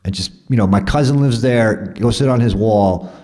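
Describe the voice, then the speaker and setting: A man putting on the voice of a laid-back island local who tells him to calm down, in slangy, easygoing words. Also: on the low side, moderate pace, voice pushed up, close to an everyday voice.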